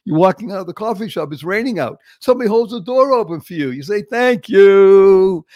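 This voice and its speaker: Boston-accented male host, theatrical and emphatic, fairly high-pitched, dry booth. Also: expressive, fast talker, dry recording, lo-fi sound. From Boston, Massachusetts. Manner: emphatic, theatrical, acts out little scenes. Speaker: podcast host. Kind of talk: enthusiastic interview introduction.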